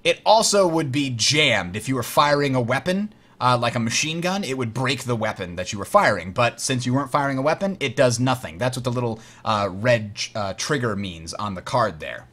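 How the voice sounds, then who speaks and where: A man with a mid-range voice walking a new player through a board game, explaining each rule as it comes up. He talks in a loose, chatty way, filling pauses with "uh" and correcting himself as he goes. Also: mid-range voice, animated, a bit bright. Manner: explanatory, frequent uh fillers, self-correcting. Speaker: host teaching a board game. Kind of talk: tutorial while playing.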